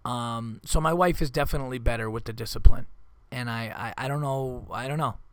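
A man's voice: medium pitch, brisk, clear, resonant tone, dry recording. A father hosting a podcast, telling rambling comedic stories in casual chat and acting out his family's quoted lines. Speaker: podcast host.

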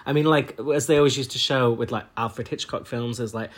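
Guy, mid-pitched voice, blunt opinions, swears a lot, casual podcast chat. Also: steady tone, fairly quick. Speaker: podcast co-host.

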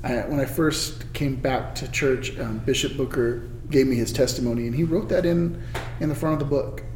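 This man, a guest in a church interview, has a mid-range, darkish voice and speaks at normal speed. He talks earnestly in a casual interview that drifts into preaching, quoting scripture and firing off rhetorical questions. The room is echoey with faint noise.

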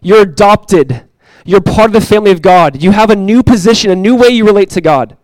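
A young adult man preaching a sermon as pastor, earnest and repeating key phrases, often dropping to a soft, intimate tone. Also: sits high, a little fast, no echo, rough recording.

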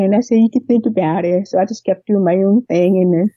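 Deaf woman telling her story, mellow voice. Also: medium pitch, fast talker, dry recording, muffled recording. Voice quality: deaf speech. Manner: rambling, animated retelling of dialogue. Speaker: interviewee. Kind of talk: casual storytelling.

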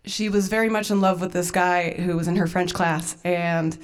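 A woman's voice: fairly low pitch, fairly even intonation, normal speed, smooth. A woman in her twenties hosting a storytelling night, telling a personal story in a casual, self-deprecating way with frequent laughs.

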